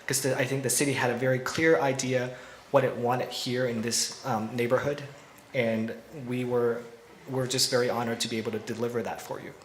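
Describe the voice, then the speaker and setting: A man's voice: medium pitch, level tone, a little fast, slight background noise. A man speaking at a ceremony for a housing developer, hesitant with many ums. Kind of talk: ceremony speech, emcee. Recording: echoey outdoor event with faint crowd.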